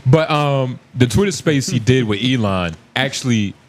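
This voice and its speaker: A man with a mid-range voice chatting on a podcast. He talks haltingly and fills his pauses with "uh" and "you know". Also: mid-range voice, expressive, slight background noise. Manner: hesitant, full of "uh" and "you know". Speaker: podcast co-host. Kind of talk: casual podcast banter.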